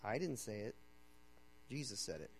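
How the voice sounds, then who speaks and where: In a low-quality recording with slight background noise, a pastor gives a sermon in an easygoing, conversational manner. He checks in with "okay?" again and again, moving between loud, emphatic reading and quiet urging in a sing-song voice at normal speed.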